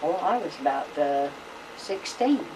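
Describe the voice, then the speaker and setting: Older country lady rambling thru old family stories, lowish voice, taped on a home camcorder from across the room. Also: expressive, unhurried. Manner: folksy, rambling, with many fillers. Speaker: family storyteller. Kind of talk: casual storytelling. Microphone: camcorder microphone. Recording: home video camera from a distance, faint hiss.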